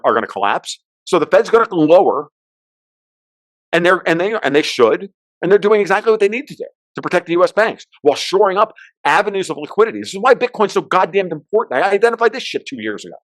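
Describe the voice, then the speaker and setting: High-voiced man ranting about markets. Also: animated, no echo. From United States. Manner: fast, ranting, profane, with sudden loud outbursts. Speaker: podcast guest. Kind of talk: heated political and market commentary.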